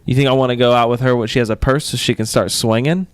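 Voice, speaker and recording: A man's voice: mid-range voice, steady tone, quick pace, clear, resonant tone, no room sound. A young man co-hosting a podcast, chatting casually and teasing with playful exaggeration. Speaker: podcast co-host. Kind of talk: casual chat.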